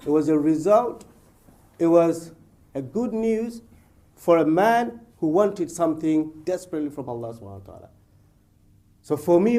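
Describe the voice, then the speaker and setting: Animated man telling a religious story. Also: fairly high pitch. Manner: animated storytelling, acts out dialogue, casual fillers. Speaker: Islamic speaker. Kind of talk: conversational religious talk.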